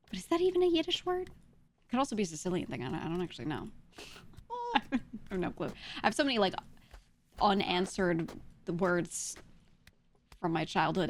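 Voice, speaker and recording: A woman streamer rambles in casual chat, pitched a little low for a woman. She swears freely and laughs often, with a faint hiss behind her voice.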